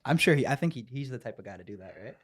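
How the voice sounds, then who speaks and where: A man's voice: medium pitch, expressive, rapid-fire. A man hosting a podcast, asking blunt questions in casual, profane chat. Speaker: podcast host.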